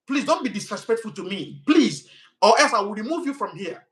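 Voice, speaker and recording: A young man with a Nigerian accent speaks in a fairly high voice on his live stream. He argues passionately, often restarting his sentences, and flares into heated replies to commenters. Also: animated, a little fast, fairly bright tone, poor audio.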